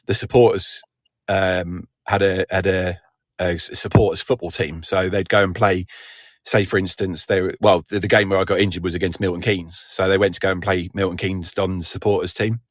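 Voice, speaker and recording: Deep-voiced rambling man. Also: little pitch movement, moderate pace, dry recording, clean studio sound. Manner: rambling, self-deprecating, many restarts. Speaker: podcast co-host, interviewee. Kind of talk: casual chat.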